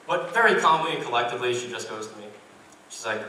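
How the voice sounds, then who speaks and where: Young guy doing stand-up, deadpan self-deprecating, bright voice, super echoey room. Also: medium pitch, quick pace, slight background noise. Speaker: stand-up comedian. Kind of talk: stand-up comedy set. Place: university comedy club stage. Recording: echoey room, mic far off.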